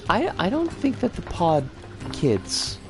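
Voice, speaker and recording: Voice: huge pitch swings, slow pace, over music. A game streamer chatting casually over gameplay and greeting viewers by name. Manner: chatty, greets viewers warmly, swings pitch a lot. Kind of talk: casual live game commentary.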